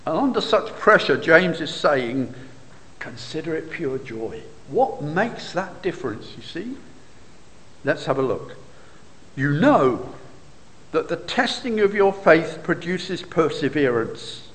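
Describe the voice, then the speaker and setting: Animated high-voiced man preaching a sermon. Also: slow. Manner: expository, rhetorical questions, occasional fillers. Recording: reverberant hall.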